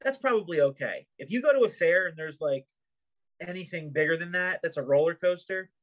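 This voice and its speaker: A man's voice: a little high, animated, brisk, fairly bright tone. A man hosting a podcast, asking wry, teasing questions in a casual chat.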